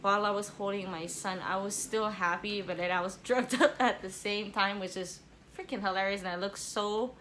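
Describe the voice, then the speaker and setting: A woman's voice: medium pitch, fairly even intonation, normal speed, a bit bright, a little hiss or hum. Emotional young woman recounting a birth story. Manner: candid, emotional, sometimes tearful and apologetic. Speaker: vlogger. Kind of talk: personal storytelling vlog.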